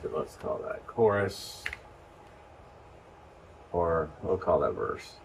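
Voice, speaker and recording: A man with a very low voice gives casual, step-by-step training to church volunteers. He is recorded from a distance, and faint noise hangs behind him. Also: takes it slowly, vocal fry. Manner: relaxed, explains step by step. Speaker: lighting instructor.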